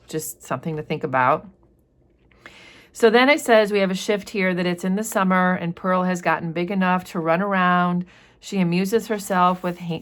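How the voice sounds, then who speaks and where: Low-voiced woman teacher reading aloud. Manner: reads passages aloud, then explains them plainly with questions. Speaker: teacher reading and annotating a novel. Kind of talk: classroom read-aloud with commentary.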